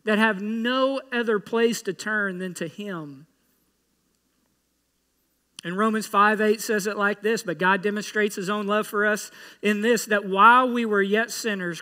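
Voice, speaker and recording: A man's voice: high voice, bright, forceful tone, long reverb tail. A man preaching an emphatic sermon as pastor, pressing his point with rhetorical questions. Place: church sanctuary.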